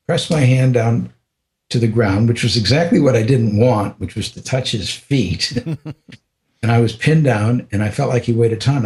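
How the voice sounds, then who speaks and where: An older American man, a podcast guest, telling a personal story in a reflective, unhurried way, with frequent restarts and small laughs. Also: medium pitch, darkish tone. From United States.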